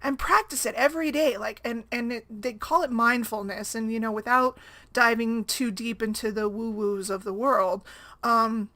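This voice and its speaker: Mom blogger, female, slightly high voice, loose conversational ramble. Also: steady tone, normal speed, pushed and bright. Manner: rambling, conversational, keeps asking "right?". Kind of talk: casual talk to camera.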